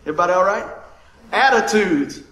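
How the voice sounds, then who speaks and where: High-voiced jokey man preaching a sermon. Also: brisk. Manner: jokey, animated, laughs often. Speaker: pastor. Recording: echoey room with faint noise.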